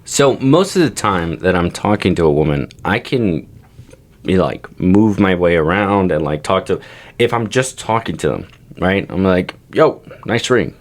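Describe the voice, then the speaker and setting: Very low-pitched young man in a casual podcast chat, swears a lot, tells stories with big animated voices, loose and rambling. He sounds like a regular on the show, trading stories with his co-hosts. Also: moderate pace. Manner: crude, animated storyteller who swears freely. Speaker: podcast co-host.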